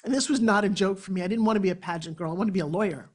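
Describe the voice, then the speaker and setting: A woman in her sixties from New York, with a New York accent, giving a motivational keynote speech on stage with dramatic, animated storytelling. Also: medium pitch, very fast. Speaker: motivational speaker. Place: event stage before an audience.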